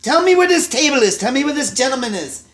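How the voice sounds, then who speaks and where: A man voicing a hot-tempered older German chef with a German accent, yelling and swearing. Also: very high-pitched, expressive, moderate pace, voice pushed up. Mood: furious. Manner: screaming profanity, furious.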